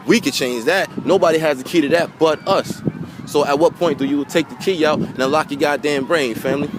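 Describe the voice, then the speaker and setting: A man's voice: a little high, steady tone, fairly quick. A man giving an impassioned, emotional monologue to camera outdoors by a pier, preachy and repetitive, swearing and calling his viewers family. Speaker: vlogger. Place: outdoors by a pier near water. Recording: outdoor wind and water noise.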